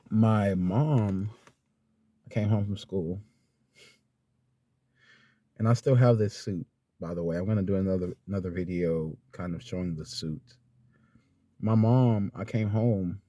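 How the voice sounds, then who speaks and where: Heartfelt, rambling young man, low mellow voice. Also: a little slow, pauses often, dry recording. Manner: rambling and heartfelt, with many fillers and restarts; emotional, close to tears. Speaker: vlogger. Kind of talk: personal storytelling vlog.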